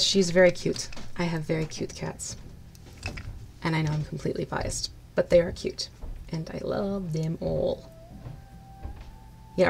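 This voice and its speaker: A woman chatting casually on a live stream while she paints miniatures. She laughs often and greets her viewers brightly by name. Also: on the low side, vocal fry.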